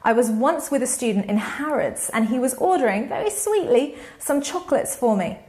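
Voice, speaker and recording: A woman teaching an online lesson, with clear, expressive delivery and sweeping intonation. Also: high voice, normal speed. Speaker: English teacher.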